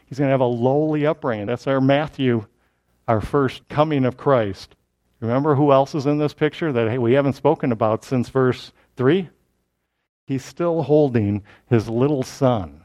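A man's voice: mid-range voice, moderate pace, darkish tone. A man teaching a sermon verse by verse, switching into raised, proclaiming tones when he reads scripture. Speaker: preacher. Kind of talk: expository Bible teaching.

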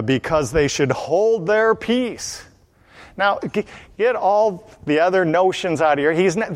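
A man preaching a Bible teaching sermon, emphatic, asking his listeners questions and slowing down, dropping low on key phrases. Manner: addresses listeners with questions and a quiz.

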